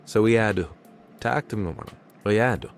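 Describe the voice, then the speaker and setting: Man playing a nosy Jamaican cabby in a cartoon, deep voice, mocking drawl. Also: soft background music, lightly acted. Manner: teasing, drawn-out patois jabs. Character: wisecracking male cab driver, mocking and nosy. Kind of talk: animated cartoon dialogue.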